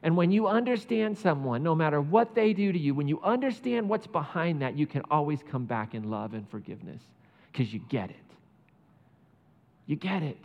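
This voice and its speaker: A man delivers a sermon, his voice sitting slightly high for a man. He tells the story with energy and slips into the characters' lines as he goes. The sound is a little dull and carries the long reverb of a large hall. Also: normal speed, gravelly. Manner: animated storytelling, acts out biblical characters. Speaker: pastor.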